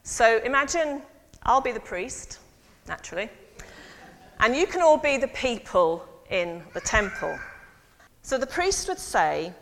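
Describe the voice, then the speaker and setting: A woman priest giving a lively sermon and involving her congregation. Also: on the high side, a little slow, long pauses. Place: church. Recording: long church reverb.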